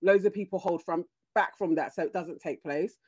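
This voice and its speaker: A woman's voice: on the low side, moderate pace, warm tone, breathy edge. Earnest encouraging British woman host. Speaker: panel host, advice-giving auntie. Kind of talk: casual panel chat.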